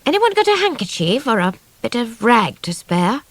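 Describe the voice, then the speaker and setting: A woman voicing a calm, weary man on the run, speaking low and unhurried, at times almost whispering. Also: dry recording.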